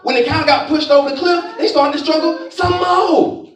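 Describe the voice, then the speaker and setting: A man's voice: extremely high pitch, normal speed, recorded from a distance, faint music behind. A young man giving a live motivational talk on stage in a large conference auditorium, calling out to the audience like a preacher. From Florida, US. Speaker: motivational speaker. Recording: echoey hall, speaker off-mic.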